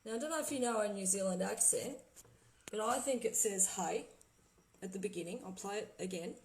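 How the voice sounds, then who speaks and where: A woman vlogger in casual livestream chat who talks excitedly, trails off and laughs often. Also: mid-range voice, fairly quick, slight background noise, poor audio. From Australia. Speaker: vlogger playing spirit recordings.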